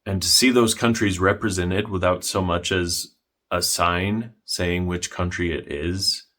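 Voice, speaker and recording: A young man narrating a history vlog in a dry, deadpan style. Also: sits low. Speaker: history vlogger.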